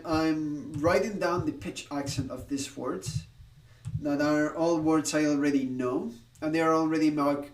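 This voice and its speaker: Rambling man streamer, distant roomy sound. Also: on the high side. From Spain. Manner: rambling, laughing, swearing, with restarts. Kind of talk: casual live-stream chat.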